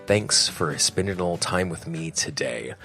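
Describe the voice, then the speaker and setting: A man hosting a podcast, talking straight to his listeners in a friendly way while fighting a cold that has made his voice deeper than usual. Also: moderate pace, creaky, sharp tone, faint music behind. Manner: friendly, direct address to listeners. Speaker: podcast host. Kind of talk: solo podcast talk.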